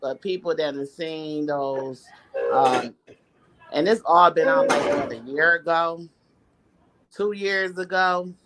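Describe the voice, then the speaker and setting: A tipsy woman calling into a live-stream chat, talking slowly and bluntly with slang. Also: deep voice, noisy background. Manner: slow, blunt, slangy talk. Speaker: caller.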